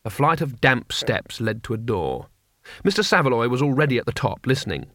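A man giving a scripted audiobook narration with expressive storytelling. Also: mid-range voice, brisk, a little hiss or hum.

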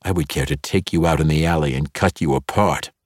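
A man reading an audiobook and voicing an angry, blunt male dark elf weapon master who growls his clipped lines. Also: very deep voice, brisk, dry recording, clean studio sound.

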